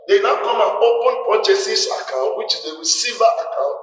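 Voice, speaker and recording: A middle-aged man teaching accounting as a tutor, explaining slowly and repeating the key terms for emphasis. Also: high voice, lively intonation, a bit bright. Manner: slow, repetitive explaining with stressed key terms. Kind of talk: classroom lecture. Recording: echoey room, mic far off.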